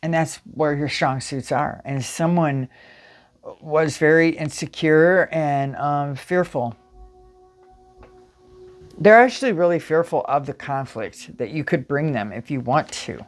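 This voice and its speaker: A woman's voice: low-pitched, unhurried. A woman giving a casual spiritual tarot reading straight to viewers, emphatic and repetitive. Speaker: tarot reader.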